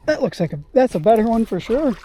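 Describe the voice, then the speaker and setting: A man with a fairly high but mellow voice talks through his day out on the water. He chats casually and breaks into excited exclamations, with faint noise behind him outdoors. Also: quick pace. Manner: excitable, bursts of exclamations while landing fish. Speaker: fishing vlogger. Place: outdoors on a lake or river from a kayak.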